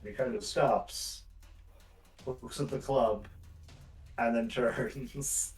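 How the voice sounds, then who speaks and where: A man's voice: mid-range voice, steady tone, slow. A man narrating as game master of a tabletop game, describing scenes and chuckling as he goes. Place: home streaming setup. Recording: roomy distant mic with faint music.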